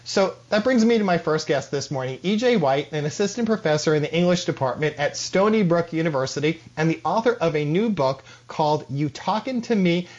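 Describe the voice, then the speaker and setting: A man hosting a radio interview, reading out a measured introduction and asking questions. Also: fairly high pitch. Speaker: radio show host. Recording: dull lo-fi radio sound.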